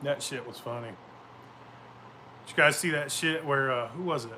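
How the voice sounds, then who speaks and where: Man, host, casual storytelling, profane, rowdy, bright forceful voice, faint background hiss. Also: mid-range voice, moderate pace. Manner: profane, boisterous, laughs often. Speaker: show host.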